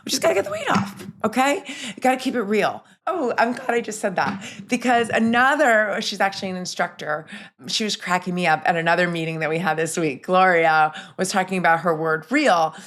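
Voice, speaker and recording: A middle-aged woman talks on her own podcast in a lowish voice. She sounds upbeat and chatty, and she often restarts her sentences and drifts into asides. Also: a little fast, fairly bright tone. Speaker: podcast host. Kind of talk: solo podcast chat.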